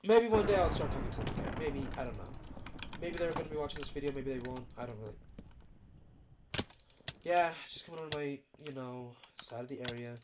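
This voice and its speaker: A stuffy-nosed voice chats loosely over a game, rambling from one thought to the next and leaning on fillers. The voice sits at an ordinary middle pitch. Loud keyboard clatter and mouse clicks carry clearly under the talk, picked up by a desk mic. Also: a little fast, very noisy. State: stuffy nose. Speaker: gaming video creator. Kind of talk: casual commentary over gameplay.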